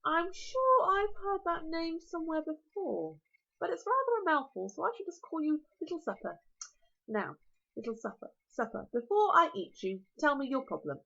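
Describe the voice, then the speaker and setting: Storybook dragon: a huge, smug male beast, cheerfully menacing, read by a British woman, lively and high, lo-fi. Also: normal speed, vocal fry, full character voice. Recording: lo-fi recording.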